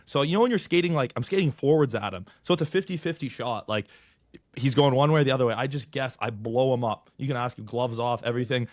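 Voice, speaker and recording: Man, podcast host, fast chatty delivery, dry close sound. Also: mid-range voice, no room sound. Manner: rapid, chatty, trailing restarts. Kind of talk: casual podcast chat.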